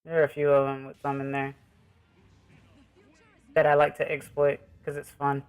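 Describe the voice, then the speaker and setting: A man with a somewhat high voice chats loosely with his viewers while he plays, drifting from one thought to the next. His talk is relaxed and meandering, with faint music underneath. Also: moderate pace, clean tone, narrow, tinny audio. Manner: rambling and easygoing, talking to viewers. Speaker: streamer. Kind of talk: casual live-stream chat while gaming.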